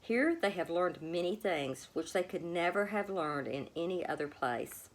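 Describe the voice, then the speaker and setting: A gentle, kind shepherd, played by a woman reading a storybook, speaks calmly and softly. The voice is pulled slightly lower and stays mild and patient. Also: moderate pace. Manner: gentle, calm.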